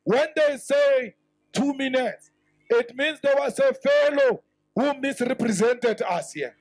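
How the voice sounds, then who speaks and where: A South African politician giving an impassioned rally speech, rising to shouts and mixing in Sotho phrases. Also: male voice, very high-pitched, slow, no echo, soft background music, rough recording.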